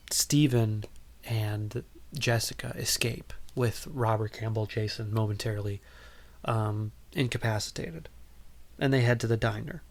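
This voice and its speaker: A man's voice: lowish voice, creaky, darkish tone. A man hosting a podcast, recapping a film in a casual, rambling way with lots of ums and wry asides. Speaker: podcast host.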